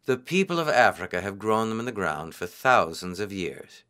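A man reading a children's folk tale aloud in an expressive, unhurried way. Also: fairly low pitch. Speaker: storyteller.

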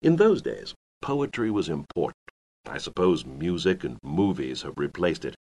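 A man voicing an older male Elizabethan playwright who recalls his days in the theater, in a measured, reflective way for a scripted listening exercise. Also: extremely low pitch, very animated, a little mellow, slightly rough, full character voice. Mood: reminiscing. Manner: measured, reflective first-person reminiscing.

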